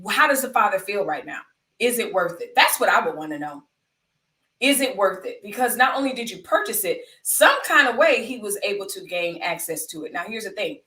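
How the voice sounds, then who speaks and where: A woman's voice: medium pitch, lively intonation, brisk, bright, forceful tone, far from the mic. A woman from the United States hosts a live stream, talking through the news with her chat. She is emphatic and conversational, and she comes back to her points for stress. Her mid-range voice sounds roomy and sits away from the mic.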